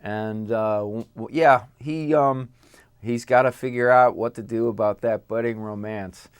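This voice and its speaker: Smooth-voiced man, halting casual chat. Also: mid-range voice, steady tone, no room sound. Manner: halting, many fillers and restarts. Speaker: actor guest.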